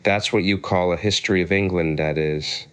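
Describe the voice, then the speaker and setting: A man's voice: deep voice, fairly even intonation, clear, resonant tone, close to an everyday voice. Humpty Dumpty, a man voicing a pompous egg. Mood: lofty. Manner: lofty, argumentative, quick to take offence. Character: pompous touchy egg-shaped man on a wall.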